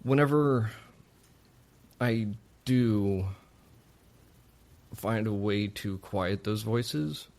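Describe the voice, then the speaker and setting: A man's voice: fairly low pitch, drawn-out words, creaky, long pauses, a little mellow. A man hosting a recovery podcast, talking in a supportive, open, conversational way. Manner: supportive, open, many short affirmations. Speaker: podcast host. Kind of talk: casual interview conversation.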